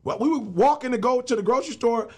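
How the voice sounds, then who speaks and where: A man's voice: very high voice, fast, darkish tone, breathy edge. A middle-aged man, a motivational speaker and pastor, talking as a guest in an emphatic, slangy, preacher-like way. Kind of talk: casual interview talk.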